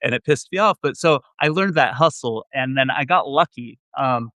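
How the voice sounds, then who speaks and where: On a video call from his computer, a male venture investor tells rambling, self-deprecating stories as an interview guest, restarting often. His medium-pitched voice has a sharp tone and a normal pace. The studio-quality recording has no room sound.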